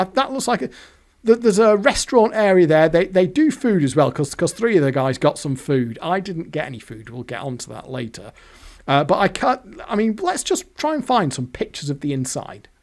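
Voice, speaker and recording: An Englishman hosting a gambling video channel tells a rambling, chatty story over pictures, correcting himself along the way and swearing casually. His voice sits high with a darkish tone.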